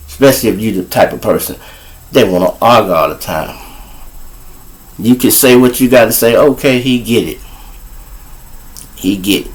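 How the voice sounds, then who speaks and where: A man's voice: medium pitch, a little hiss or hum. A man hosting a live show, telling crude, preachy comic stories. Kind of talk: profane comic storytelling.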